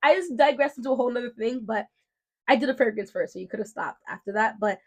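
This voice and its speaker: A woman speaking emphatically in a casual vlog, pitched a bit above average. She is direct and outspoken and makes her points with firm, lecturing insistence. She sounds protective and sure of herself. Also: fast, slightly rough. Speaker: mom and beauty vlogger.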